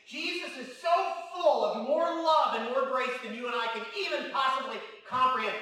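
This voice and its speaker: Male pastor preaching, high voice, rhetorical questions, repeated lines for emphasis, recorded far off in a very echoey room. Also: moderate pace, pushed and bright, a little hiss or hum. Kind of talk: sermon.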